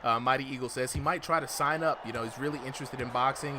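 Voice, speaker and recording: Over noisy livestream audio, a man calls a boxing exhibition live in esports-style commentary, packed with slang and hype and frequent "you know what I'm saying". His mid-range voice is fast and sharp, with a steady tone.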